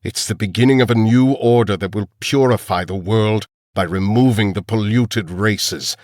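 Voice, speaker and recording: A chilling old villain doctor, calm and unhurried, with a low, even menace, as an audiobook narrator puts him on. The voice sits deep and the recording is dry and close. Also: male voice, no echo, lightly acted. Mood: menacing. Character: cold elderly male villain scientist.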